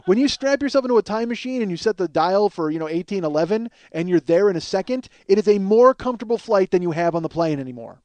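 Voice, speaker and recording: A man's voice: sits high, lively intonation, fast, hardly any pauses, a little mellow, dry recording. A man hosting a podcast, telling a long comic story in a profane, ranting, self-mocking way. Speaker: podcast host. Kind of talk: solo comedic storytelling monologue.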